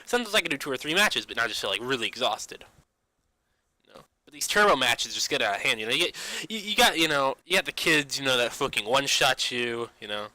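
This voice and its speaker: A man's voice: mid-range voice, sing-song, fast talker, pushed and bright, poor audio. A young man ranting casually about games, padding nearly every phrase with "you know", restarting often and swearing now and then. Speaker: gaming vlogger. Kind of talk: rambling casual rant.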